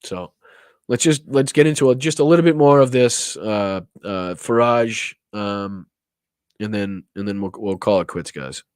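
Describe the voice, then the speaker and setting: A man's voice: on the low side, measured pace, smooth, no echo, studio quality. A man hosting a political show, giving impassioned, profanity-laced commentary and repeating words as he gets emotional. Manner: heated, profane, repeats words when worked up. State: emotional, near tears.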